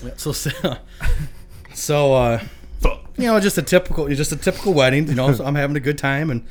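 A man's voice: fairly high pitch, brisk, a little hiss or hum. A young adult man from Michigan casually telling a long, profane story, often laughing as he talks. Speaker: podcast guest.

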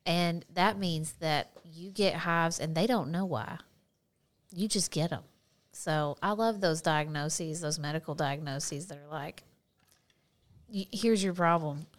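A woman's voice: sits low, a little slow. A woman, co-hosting a casual chat and telling stories with lots of laughter and casual swearing. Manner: animated storyteller, laughs often, swears casually. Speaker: podcast co-host.

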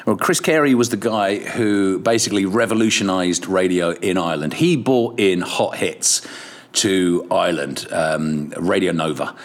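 A middle-aged male radio presenter appears as a podcast guest in a casual interview, telling anecdotes, swearing freely, and laughing often. His voice is deep and unhurried.

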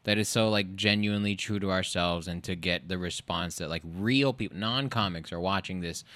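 A man with a low, bright and forceful voice on a casual podcast. He rambles and curses as he explains at length, recorded dry and close. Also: a little fast, no room sound. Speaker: podcast co-host, comedian.

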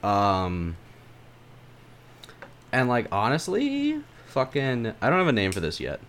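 Man, podcast co-host, animated pitch, crude jokes, laughs a lot. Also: slow, a little hiss or hum. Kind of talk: casual chat.

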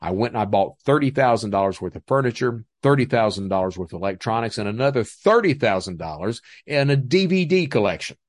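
Animated man telling a wild story. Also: mid-range voice, fast, few pauses, no room sound, clean studio sound. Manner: animated, laughing, profane. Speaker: interview guest. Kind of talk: casual storytelling.

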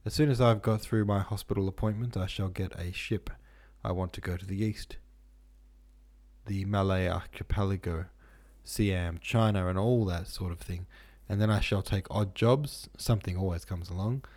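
A man's voice: low voice, fairly even intonation, moderate pace, a little mellow. A man reading as Philip, earnest young medical student.

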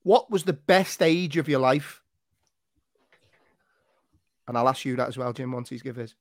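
A man's voice: mid-range voice, unhurried, no room sound, studio quality. A man hosting a casual podcast, joking, swearing and laughing often as he runs a quiz. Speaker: podcast host. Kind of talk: casual chat.

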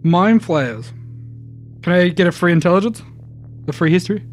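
A man with a fairly high voice plays at a tabletop game, pressing his points and arguing the rules with the game master. Faint music sits under his voice. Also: lively intonation, normal speed. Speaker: player.

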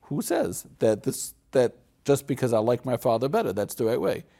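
A man hosting an interview, speaking in a measured, courteous way. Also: mid-range voice, very animated, creaky, dark tone. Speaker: interviewer and host. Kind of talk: interview conversation.

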